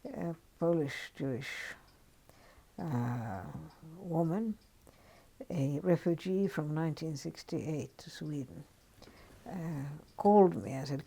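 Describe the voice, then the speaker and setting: An older woman telling anecdotes in an oral history interview, lively and given to dropping into hushed asides. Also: low voice, slow pace, gravelly, husky. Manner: anecdotal, lively, drops to a near-whisper on asides. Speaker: interviewee recounting her career as a journalist.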